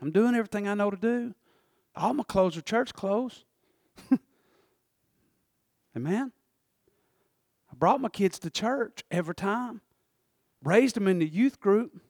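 High-voiced preacher, shouting fervor. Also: male voice, animated, unhurried, long pauses, no room sound, clean studio sound. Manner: swings from low reading to shouting fervor. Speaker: pastor. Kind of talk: sermon.

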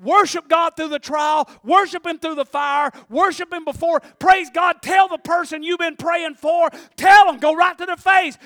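A man preaching with fire in a drawl, his voice sitting unusually high and ringing bright and forceful. He swings from low, hushed asides to loud shouted calls to the congregation. The sound is dry and close. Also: fairly even intonation, moderate pace, hardly any pauses, no room sound. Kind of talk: sermon.

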